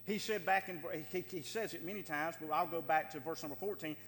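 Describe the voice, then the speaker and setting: A man's voice: fairly high pitch, brisk, a bit bright, a little hiss or hum. A man preaching a sermon as pastor, with emphatic delivery that repeats phrases for stress. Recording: long hall reverb.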